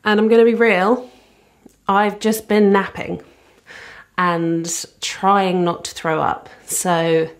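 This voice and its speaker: A woman's voice: medium pitch, level tone, takes it slowly. A young woman chatting casually to camera from her living room, rambling and self-deprecating. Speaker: vlogger. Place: living room at the front of a house. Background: traffic outside.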